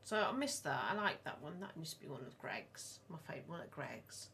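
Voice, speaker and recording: A middle-aged woman, co-hosting a casual podcast and telling long, animated stories. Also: low-pitched, a little fast, gravelly, a little hiss or hum. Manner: rambling, animated storyteller. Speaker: podcast co-host, mother of the other host. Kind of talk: casual chat.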